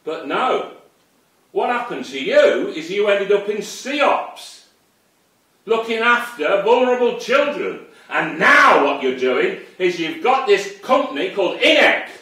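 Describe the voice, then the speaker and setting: An online commentator rants angrily to camera in an unscripted, profane tirade, accusing someone directly. His voice is high, bright, and forceful, swinging widely in pitch as he speaks slowly. He's far from the mic in a very echoey room.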